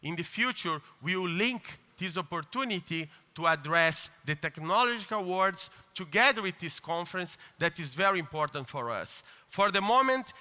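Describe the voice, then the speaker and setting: A man delivers an earnest keynote in a large conference hall. His voice sits high and sounds very bright. A long hall reverb trails each phrase. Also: lively intonation, moderate pace, hardly any pauses. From Brazil. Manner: earnest, with hesitant fillers and restarts. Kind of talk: formal conference speech.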